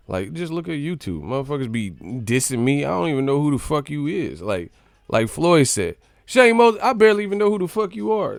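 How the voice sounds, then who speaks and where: A man's voice: medium pitch, creaky, no room sound. A man hosting a boxing channel live stream, ranting in casual, profane, mocking chat.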